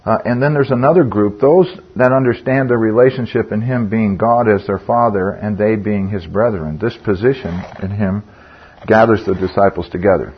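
An older man with a fairly low, breathy-edged voice teaches a Bible study group conversationally at normal speed. He puts questions to the group, using fillers and restarts, and the recording sounds dull and lo-fi.

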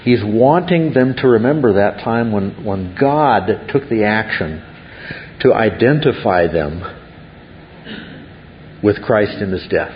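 A man with a low voice preaching earnestly as a pastor, his tone rising into exclamations of wonder. The recording is dull and lo-fi, with a faint hiss underneath. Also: animated, slow, pauses often. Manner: earnest, builds to acted gasps of wonder. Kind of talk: sermon.

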